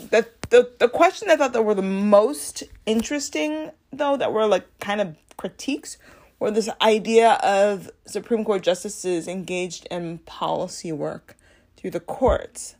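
At a measured pace, a young adult podcast host talks alone into her home mic in a casual show. Her style is lively and chatty, peppered with fillers and corrections, and she performs her reactions with dramatic pitch swings.

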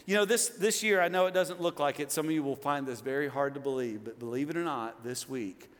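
A man in his fifties preaches with a high, bright voice, jumping from loud bursts to quiet, pressing lines. His words ring out with a long hall reverb behind them. He speaks as a pastor to his congregation. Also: a little fast. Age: 50s. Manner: animated, swings from loud exclamations to hushed emphasis. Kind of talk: sermon.

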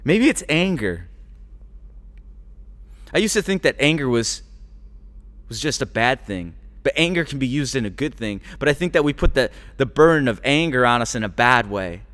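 A man's voice: medium pitch, big pitch swings, moderate pace, a bit bright. Guy preaching on his podcast, repeats himself a lot, gets fired up, kinda echoey room. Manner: preachy, repetitive, builds to fervent exhortation. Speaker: podcast host. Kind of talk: motivational podcast monologue.

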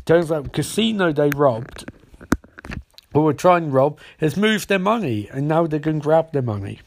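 A man's voice: on the high side, expressive, normal speed, gravelly, background noise. Rambling man retelling an episode. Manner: rambling, swears, comic asides. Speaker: recapper.

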